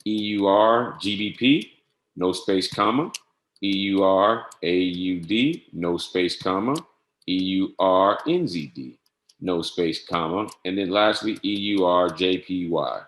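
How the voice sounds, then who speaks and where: A man with a low-pitched voice gives a casual screen-share tutorial on trading software in an echoey room, often saying "all right" and spelling codes out slowly.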